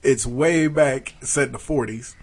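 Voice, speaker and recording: A man's voice: mid-range voice, measured pace, slightly rough. An American man cohosting a podcast, telling stories in laughing, easygoing banter. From United States. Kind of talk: casual podcast chat.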